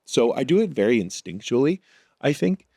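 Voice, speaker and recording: A man's voice: medium pitch, big pitch swings, normal speed, creaky, dark tone, no echo, studio quality. A man talking as an actor guest in a casual interview, thinking his answers through aloud. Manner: thoughtful, works through ideas aloud.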